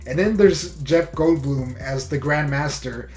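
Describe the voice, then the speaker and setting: A man with a slightly high voice gives a casual movie review, eager and loose, leaning on "you know" and "like". The room sounds echoey, with faint music under him. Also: a little slow, a little mellow. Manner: enthusiastic, full of "you know" and "like".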